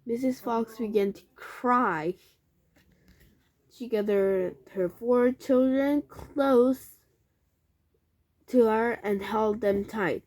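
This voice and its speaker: Woman, reading a children's storybook aloud, slow pace, higher voice. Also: darkish tone. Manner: slow, careful reading with slips and restarts. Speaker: reader.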